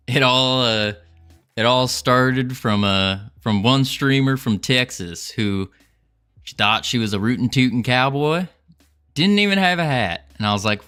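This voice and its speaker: A man's voice: lowish voice, slow, long pauses, bright, forceful tone, smooth, faint music behind. A man chatting casually on a game development livestream, playful and joking with his chat, laughing often.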